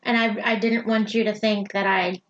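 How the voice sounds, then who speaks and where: A woman's voice: medium pitch, level tone, normal speed, lo-fi sound, a little hiss or hum. A woman co-hosting a casual podcast who chimes in with quips and jokes about the book. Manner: joking, chiming in with quips. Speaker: podcast co-host. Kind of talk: casual chat.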